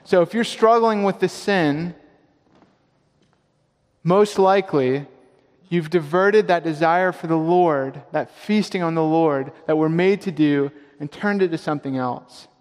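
Emphatic preacher in a reverberant hall. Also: male voice, on the high side, darkish tone. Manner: emphatic, repeats key lines slowly. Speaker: pastor. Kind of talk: sermon. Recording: long reverb of a large hall.

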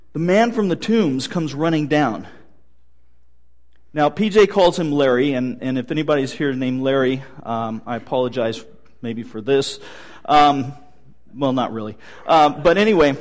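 A man's voice: medium pitch, darkish tone. A male pastor preaching a sermon, telling stories with light humor.

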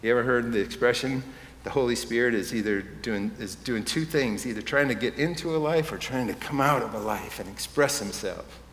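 A man's voice: mid-range voice, fairly quick, fairly bright tone, slight background noise. A man preaching a sermon as pastor, conversational at first and rising to impassioned emphasis. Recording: echoey hall with faint room ambience.

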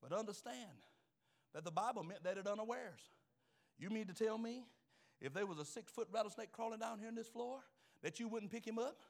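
A man's voice: sits high, a little fast. A man around sixty, preaching a fervent, folksy sermon to his congregation. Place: church in front of a congregation.

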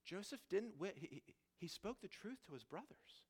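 A male pastor preaching a sermon, swinging from loud emphasis to hushed asides, often restarting his phrases. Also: sits high, normal speed, few pauses, husky. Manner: animated, shifting from loud to hushed, frequent restarts.

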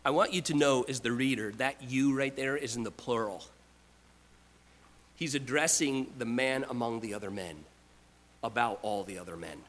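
A man preaching a sermon, emphatic, with repeated restarts, swinging from loud to quiet. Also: medium pitch, moderate pace, rough recording. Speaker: pastor.

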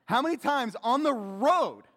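A man preaching a sermon as a pastor, animated and calling out questions to the congregation. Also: very high voice, measured pace. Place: church sanctuary. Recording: long hall reverb.

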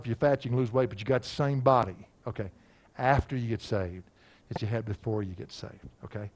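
A man delivers an animated sermon at a mid-range pitch. He keeps asking his listeners questions and slows down to read each verse aloud. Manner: animated, asks the congregation questions, slows for scripture. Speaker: preacher. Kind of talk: expository sermon.

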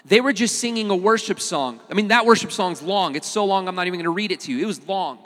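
A pastor preaching a sermon in a casual, animated way, with touches of humor. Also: male voice, sits high, quick pace, in a large hall.

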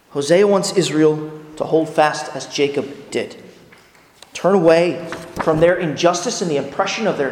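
High-voiced preacher in an echoing hall. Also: male voice, darkish tone. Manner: earnest, emphatic preaching with rhetorical questions. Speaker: pastor. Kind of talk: sermon.

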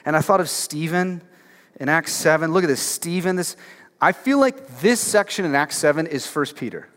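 A man's voice: on the high side, lively intonation, normal speed, fairly bright tone. A man preaching a sermon in a church, casual and conversational, with lots of filler words and emphatic rhetorical questions to the congregation. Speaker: pastor. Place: church sanctuary. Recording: long hall reverb.

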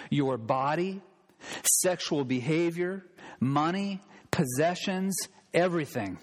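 A man preaching a sermon as pastor, emphatic, slowing down to stress key phrases. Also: a little high, long reverb tail.

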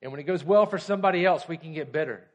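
A pastor preaching a conversational sermon, often checking in with the congregation. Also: male voice, on the high side, very fast, muffled recording.

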